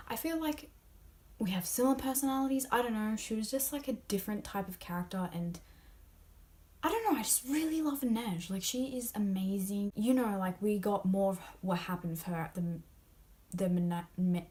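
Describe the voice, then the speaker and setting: Gushing about a novel she loved, a young woman on her book vlog discusses spoilers in a relaxed way. Her voice is medium in pitch and dark, full of fillers and repeatedly lowered to a whisper.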